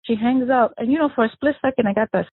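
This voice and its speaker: A woman, the victim's sister, recounting memories of her sibling in an emotional, animated way, acting out the dialogue she quotes. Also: on the high side, quick pace, slightly rough, no room sound. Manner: animated storyteller who acts out quoted dialogue. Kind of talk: emotional first-person recollection. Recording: tinny phone-line audio.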